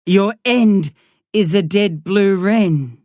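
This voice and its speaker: A woman voicing a solemn teenage boy who speaks slowly and calmly. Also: medium pitch, dry recording, studio quality, natural voice.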